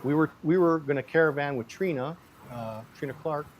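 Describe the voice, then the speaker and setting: A man who grew up in the Canal Zone, telling stories in a casual chat, animated, acting out quotes and laughing often. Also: on the high side, a little fast, a little hiss or hum. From Panama Canal Zone. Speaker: guest actor.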